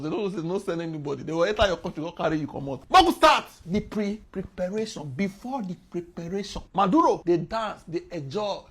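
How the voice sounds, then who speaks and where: A Nigerian woman hosting a casual news explainer, telling the story in lively fashion with frequent chuckles. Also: mid-range voice, slightly rough. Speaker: host.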